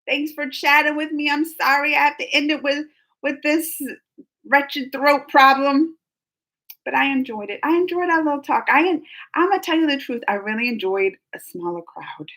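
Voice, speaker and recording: Bright high-voiced woman, coughing. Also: normal speed. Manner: chatty, laughs often, talks to viewers by name. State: coughing, throat catching. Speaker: livestream host. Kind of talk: casual chat reading viewer comments.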